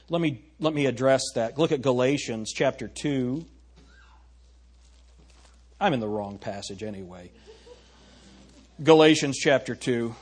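A man's voice: medium pitch, husky. A man preaching a sermon as pastor. He teaches verse by verse, reads scripture aloud in a raised voice and asks the congregation whether they agree. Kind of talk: expository sermon.

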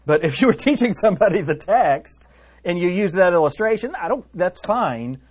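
A man teaching through a Bible passage in a relaxed, chatty way. He reads the verses aloud and breaks off for joking asides. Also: high voice, moderate pace, slightly rough. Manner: chatty and joking, laughing at his own asides and reading scripture aloud.

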